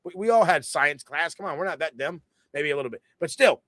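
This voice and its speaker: A podcast co-host with a fairly high voice rattles quickly through a casual wrestling review. He swears freely and tells it in an animated way, mocking the people he quotes with put-on voices. The recording is dry and close, with no room around it.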